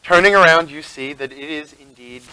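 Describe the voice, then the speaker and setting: A man's voice: fairly high pitch, moderate pace, crowd noise, low-quality recording. A man serving as game master, narrating a tabletop game in a rambling, chatty way and laughing often.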